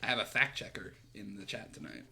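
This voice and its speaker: A man's voice: lowish voice, fairly even intonation, brisk, creaky, pushed and bright. A man streaming a video game, chatting casually and laughing at his own voices between reading the dialogue aloud. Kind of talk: let's-play commentary and voicing game dialogue.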